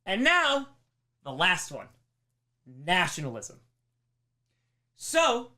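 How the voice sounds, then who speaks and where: A young man giving a lively history lesson on a charity livestream, asking rhetorical questions and acting out mock quotes. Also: high voice, unhurried, long pauses. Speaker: streamer teaching history. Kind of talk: energetic classroom lecture. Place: streaming room.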